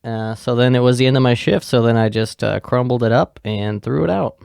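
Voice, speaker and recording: Male host, sarcastic storyteller who swears constantly; mid-pitched with a rough, creaky edge. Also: brisk, a little mellow, no room sound, studio quality. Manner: rambling, heavy swearing, sarcastic. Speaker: podcast host. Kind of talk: casual storytelling.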